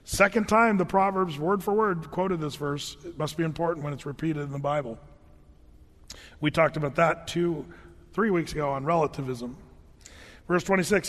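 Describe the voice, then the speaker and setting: A man preaching a conversational verse-by-verse sermon, reading scripture aloud and swinging between hushed and loud. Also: on the high side, normal speed. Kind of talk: sermon, verse-by-verse Bible teaching. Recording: long reverb of a large hall.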